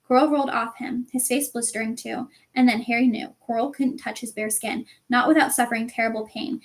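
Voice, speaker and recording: Female narrator for a novel reading, expressive and dramatic, voice slightly high. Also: brisk, few pauses. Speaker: audiobook reader.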